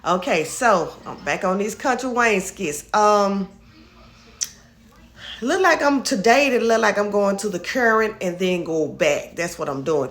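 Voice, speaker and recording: A woman's voice: mid-range voice, fairly bright tone. A woman vlogger casually recapping a comedy skit, chatty and easygoing, slipping into the characters' lines as she retells scenes.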